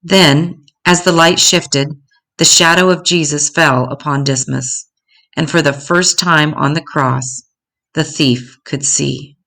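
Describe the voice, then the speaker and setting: An older woman reading a story aloud in a gentle, measured way. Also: low voice, steady tone, creaky.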